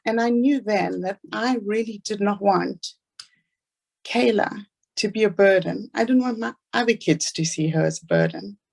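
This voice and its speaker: A woman's voice: mid-range voice, big pitch swings, creaky, a little mellow. A woman with a South African accent giving an earnest, inspirational talk about her own life. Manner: earnest storytelling, fast asides. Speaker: speaker.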